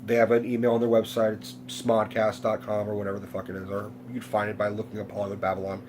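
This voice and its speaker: A man's voice: fairly low pitch, monotone, fast, background noise. A young man telling a rambling personal story to his vlog audience, swearing freely and cutting himself off. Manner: rambling, profane, self-interrupting. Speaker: vlogger.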